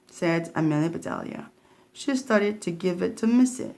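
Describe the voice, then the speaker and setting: Low, gravelly woman reading a storybook. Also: lively intonation, moderate pace, a little mellow, slight background noise. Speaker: storybook reader. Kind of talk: children's story read-aloud.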